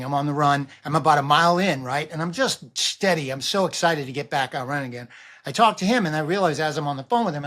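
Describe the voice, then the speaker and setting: A man in his sixties who runs a running vlog, talking casually and rambling to camera, with animated swings and frequent restarts. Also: fairly high pitch. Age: 60s. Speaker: running vlogger.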